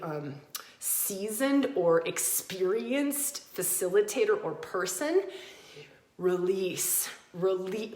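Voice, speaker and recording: A woman with a lowish voice speaks in an echoey room. She hosts a podcast and delivers a passionate, emphatic spiritual teaching, repeating phrases for emphasis.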